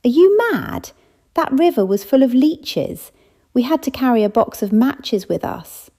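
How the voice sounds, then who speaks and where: A tough, plain-spoken old lady with a gravelly edge, scolding and blunt in her manner, as a woman reads her in an audiobook. Her tone is low and mellow, raised a little above the narration. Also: lively intonation, normal speed. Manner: brusque, forthright, scolding. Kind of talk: audiobook character voice.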